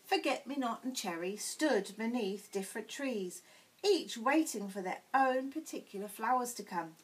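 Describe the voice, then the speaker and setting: A woman teacher reading a children's picture book aloud in a clear, expressive bedtime-story way. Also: on the high side, moderate pace, poor audio. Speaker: primary school teacher.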